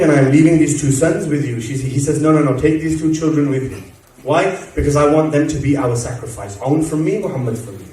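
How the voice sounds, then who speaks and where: A man with a high-pitched voice tells religious stories at a mourning gathering, acting out the dialogue. His voice carries from far off the mic and rings through a very reverberant hall. At the emotional parts he sinks into a soft, low tone. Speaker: Muharram speaker. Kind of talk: religious lecture storytelling. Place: mosque or community hall.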